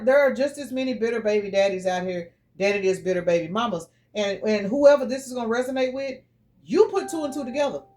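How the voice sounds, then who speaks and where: A woman's voice: fairly high pitch, a little mellow. A middle-aged woman giving a casual tarot reading, blunt, profane and preachy. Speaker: tarot reader.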